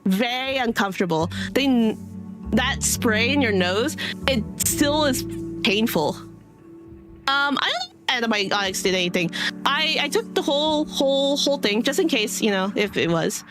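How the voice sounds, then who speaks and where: A woman streamer talks casually to her viewers, circling her thoughts with fillers and false starts. Her throat sounds a little dry, and soft music plays faintly behind her. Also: a little high, very animated, moderate pace. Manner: rambling, many fillers and restarts. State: dry throat, clearing it now and then. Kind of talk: casual chat to stream audience.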